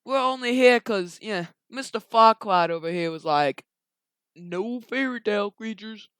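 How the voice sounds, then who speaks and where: A carefree wooden puppet boy, as a young storyteller puts him on, full of loose slang. He speaks up loudly in a casual, easygoing way. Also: medium pitch, animated, unhurried, smooth, no echo. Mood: laid-back. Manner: slangy, laid-back, loud. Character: laid-back slangy dude puppet boy. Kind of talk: improvised storytelling while drawing.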